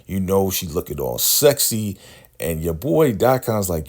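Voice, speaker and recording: A man casually recapping a TV episode in a slangy, animated way, often checking in with "right?". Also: low-pitched, unhurried. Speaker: show recap host.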